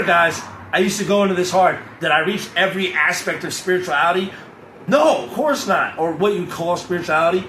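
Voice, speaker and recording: A man's voice: high voice, slight background noise. Hyped young man ranting in echoey room. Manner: profane, hyped, rambling, animated. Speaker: vlogger. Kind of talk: casual rant to camera. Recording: echoey room with faint ambience.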